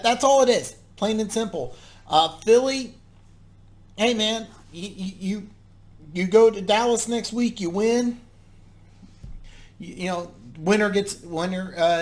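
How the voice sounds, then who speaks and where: A man hosting a casual solo football recap, emphatic and repetitive, with frequent restarts and filler words. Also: sits high. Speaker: football commentary host.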